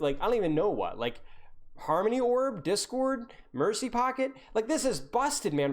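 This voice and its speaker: A woman's voice: fairly high pitch, a little mellow. A young woman coaching over a live-streamed gameplay review, ranting and exasperated, hammering her points home by repeating them.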